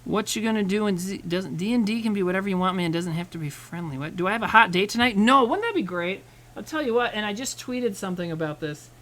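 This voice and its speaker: A man's voice: sits high, animated, fast talker, a bit bright, low-quality recording. A man chatting casually with his livestream chat while he cooks, rambling and swearing, joking at his own expense. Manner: rambling, profane, self-mocking banter with chat. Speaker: streamer cooking live.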